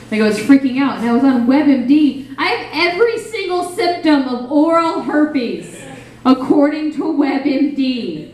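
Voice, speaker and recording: A woman's voice: mid-range voice, warm tone, recorded from a distance, a little hiss or hum. Rambling young woman doing stand-up in an echoey cafe. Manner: rambling and self-deprecating, with frequent fillers. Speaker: stand-up comedian. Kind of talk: live stand-up set. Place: small cafe stage. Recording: very echoey room, faint ambience.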